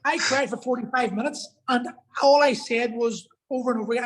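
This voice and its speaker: A man's voice: very high voice, fairly even intonation, quick pace, few pauses, rough recording. A man telling a personal story as a podcast guest, earnest and emotional, swearing for emphasis.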